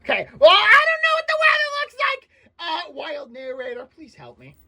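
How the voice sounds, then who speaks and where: A woman's voice: very high-pitched, huge pitch swings, moderate pace, pushed and bright, exaggerated voice. A woman voicing a shrieky, childish comedy character who whines and panics about snacks and gadgets. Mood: frantic whiny. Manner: screeching, whiny, panicky outbursts.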